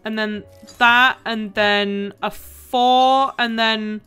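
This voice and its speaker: A woman chatters through a video game at home, excitable and quick to laugh or swear. Her voice sits a little high and sounds bright and sharp, with faint game music underneath. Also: clear, resonant tone. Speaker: gaming video creator. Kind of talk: casual gameplay commentary.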